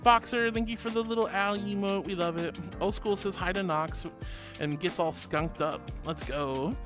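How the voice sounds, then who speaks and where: Over music, a woman streamer talks at normal speed, casually chatting and reading out viewer messages. She's sweet and affectionate, and her voice springs up high when she greets people.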